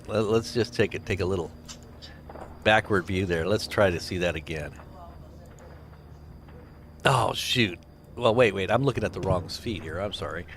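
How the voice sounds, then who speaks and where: A man's voice: fairly low pitch, a bit bright, a little hiss or hum. A man hosting a casual livestream, rambling between scripture and videos and reading out viewer names with chuckles. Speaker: livestream host.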